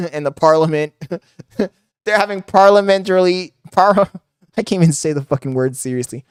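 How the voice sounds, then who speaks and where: A man's voice: sits high, normal speed, smooth, dry recording, studio quality. A man streaming live, mocking clips in crude, swearing commentary.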